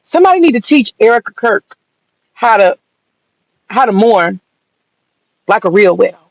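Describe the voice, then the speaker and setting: Her mid-range voice swings widely in pitch at normal speed as she mocks and curses through an opinion rant. This sassy Southern American commentator is heard in dull, dry lo-fi audio.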